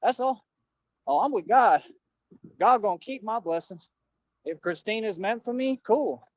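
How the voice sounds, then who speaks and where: A man with a high voice speaks defiantly in a replayed clip, using street slang and calling people bro. The sound is dull and muffled, yet dry and close. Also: animated, measured pace, dry recording. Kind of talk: clip played on a livestream.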